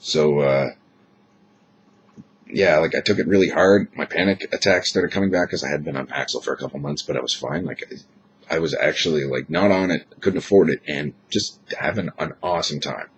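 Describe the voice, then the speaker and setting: A man's voice: a bass voice, brisk, a little hiss or hum. A young man with a chest cold, rambling frankly and swearing freely in a casual vlog monologue. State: chest cold, unusually deep voice. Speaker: vlogger.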